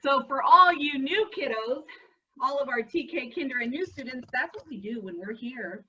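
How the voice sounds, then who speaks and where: Bright, animated woman leading a school assembly. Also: high-pitched, normal speed, far from the mic, lo-fi sound, a little hiss or hum. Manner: animated, playful, talks to children. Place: school room, indoors.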